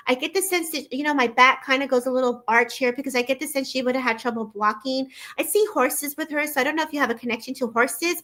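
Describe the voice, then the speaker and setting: A woman's voice: fairly high pitch, fairly bright tone. A woman psychic medium giving a live online reading, effusive and addressing viewers by name, with frequent repeats and restarts. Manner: repeats words and restarts, talks in a quick flowing stream.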